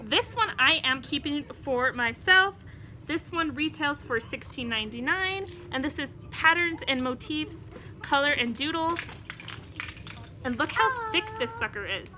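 Young mom vlogger, high voice, a bit breathless, chatty, noisy home recording. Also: female voice, pushed and bright. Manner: chatty, keeps breaking off to talk to her toddler. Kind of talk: casual show-and-tell chat. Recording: home video with background noise.

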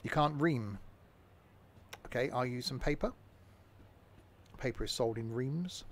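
A man gives casual, rambling gameplay commentary, cracking jokes and muttering to himself. He talks at an ordinary pitch, and a faint train hum runs behind him. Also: measured pace. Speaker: game streamer.

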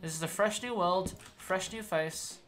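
A woman's voice: fairly low pitch, unhurried. A woman streaming gameplay, talking to herself with panicky outbursts, yelps and swearing. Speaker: game streamer. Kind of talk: live gameplay commentary.

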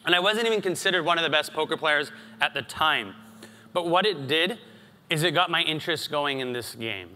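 A man in his thirties, from the United States, giving a conference keynote in an animated storytelling way with asides. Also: fairly high pitch. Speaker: conference speaker. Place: large conference hall. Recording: hall reverb.

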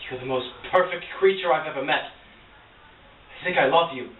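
A young man playing a vain, dramatic young gentleman in an amateur drama, with a theatrical, overwrought delivery. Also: a little high, fairly quick, natural voice. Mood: lovestruck. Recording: echoey, distant, tinny and lo-fi with hiss.

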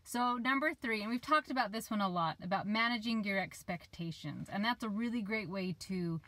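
A woman's voice: medium pitch, fairly quick, a bit bright, no room sound, rough recording. Woman in her 30s vlogging life tips from her parked van, chatty, kinda loses her train of thought. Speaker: life coach. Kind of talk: casual advice vlog. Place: parked van, rain outside.

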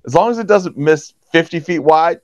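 A hockey referee from the Pittsburgh area of the USA chats casually in an interview, speaking at a moderate pace with no echo. He's an animated storyteller who acts out players' quotes with big jumps in pitch. The podcast audio is dry and slightly dull.

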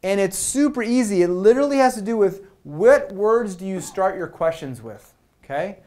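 Energetic man giving a meetup talk. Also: sits high, normal speed. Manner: energetic, conversational, acts out quoted lines. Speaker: product management speaker. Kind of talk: meetup presentation to a live audience.

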